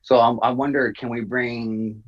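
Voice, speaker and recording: A man's voice: medium pitch, little pitch movement, a little slow, dull audio. A man co-hosting a casual podcast review chat, rambling with many fillers and restarts. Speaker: podcast co-host.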